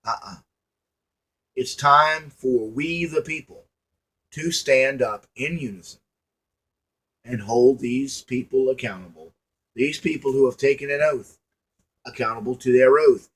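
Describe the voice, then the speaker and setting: A man's voice: medium pitch, measured pace, pauses often, fairly bright tone, husky. A man giving a preachy motivational monologue to his viewers, folksy and emphatic, repeating lines and asking rhetorical questions. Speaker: online commentator.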